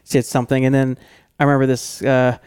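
A man's voice: medium pitch, level tone, quick pace, darkish tone, smooth, no echo, clean studio sound. A man from the United States co-hosting a podcast, chatty and inquisitive, with many fillers and restarts. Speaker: podcast co-host. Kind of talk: casual chat.

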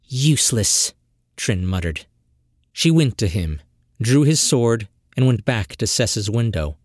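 Slow, expressive audiobook narrator. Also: medium pitch, dry recording, clean studio sound. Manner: measured, expressive storytelling. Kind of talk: scripted fantasy narration.

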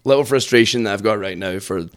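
A man's voice: fairly low pitch, fast talker. A Glaswegian priest from Scotland, a guest chatting casually and telling stories with a laugh, his accent toned down. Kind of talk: casual podcast chat.

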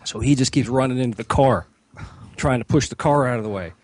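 A man's voice: mid-range voice, brisk, no echo. A man on a comedy podcast, casually telling a profane anecdote and acting out quotes along the way. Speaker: regular podcast panelist.

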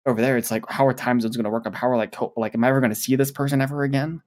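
A man's voice: mid-range voice, fairly even intonation, racing, a little mellow. A man chatting casually in a group podcast, rambling and repeating words as he thinks.

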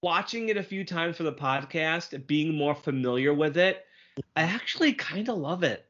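A man co-hosting a cartoon podcast, recapping an episode with enthusiasm and quick quoted lines. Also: on the high side, lively intonation, fairly bright tone. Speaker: podcast co-host. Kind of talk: casual chat. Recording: dull lo-fi sound.

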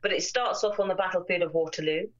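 A woman's voice: fairly low pitch, fast, dull audio, slight background noise. A woman co-hosting a casual chat podcast, retelling a story at length. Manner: chatty, retells plots at length. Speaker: podcast co-host. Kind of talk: casual chat, film review.

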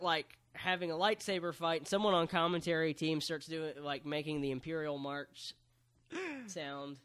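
A man's voice: fairly high pitch, pushed and bright, clean tone. A man casually recapping a wrestling show for a podcast, walking through it step by step and dropping in jokes. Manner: joking, play-by-play recap. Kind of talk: casual chat.

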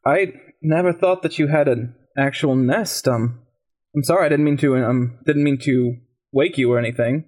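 A man playing a tabletop game, speaking in character in a halting way with many ums and restarts. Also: medium pitch, a little mellow. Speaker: player. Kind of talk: in-character role-play.

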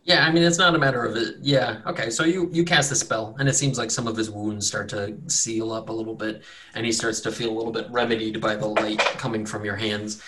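A man's voice: lowish voice, fairly even intonation, a little fast, a bit bright, a little hiss or hum. A man narrating as game master in an easygoing, rambling way, with frequent fillers.

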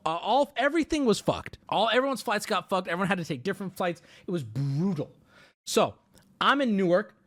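A man streamer telling a story casually to his audience, animated, profane and exaggerated. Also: high-pitched, fairly quick.

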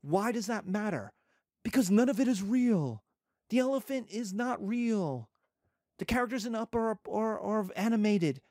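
A man in his fifties giving a classroom lecture, animated and jokey, with digressions along the way. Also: high-pitched, normal speed, dry recording, clean studio sound. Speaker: teacher.

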